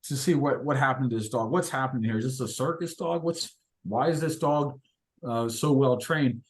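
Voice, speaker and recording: A man's voice: medium pitch, normal speed, natural voice. A man voicing a friendly, puzzled male butcher who asks question after question. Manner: chatty, amazed questions.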